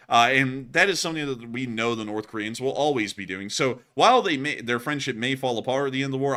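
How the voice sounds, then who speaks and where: Bright-voiced jokey male commentator. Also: mid-range voice. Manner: jokey, laughs often, rambling with fillers. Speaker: war news commentator. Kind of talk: casual commentary chat.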